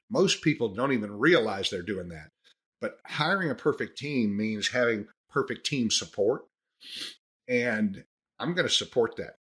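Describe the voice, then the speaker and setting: A man's voice: medium pitch, animated, moderate pace, sharp tone, husky. A man, a dentist hosting a podcast, talking through a casual, earnest monologue with frequent restarts. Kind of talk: casual monologue on practice management.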